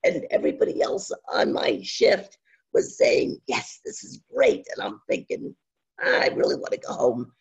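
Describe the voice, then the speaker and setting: Older teacher in their 60s on a webinar, super scratchy strained voice, pitch jumps all over, dull lo-fi audio. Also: huge pitch swings, creaky. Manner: halting, with many pauses and fillers. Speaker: online instructor. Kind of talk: webinar presentation.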